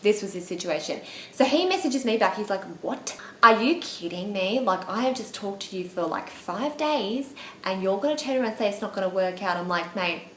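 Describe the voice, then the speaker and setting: A woman's voice: mid-range voice, animated, a little fast, a little hiss or hum. Chatty Australian woman in an echoey room. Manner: chatty and dramatic, heavy use of "like", acts out quotes. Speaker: beauty vlogger. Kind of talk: storytime vlog.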